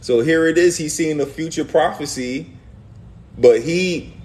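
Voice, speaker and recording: A man with a slightly high voice and a slightly slow pace leads a lively Bible study discussion. He speaks emphatically and casually, reading verses aloud and acting out the prophets' words.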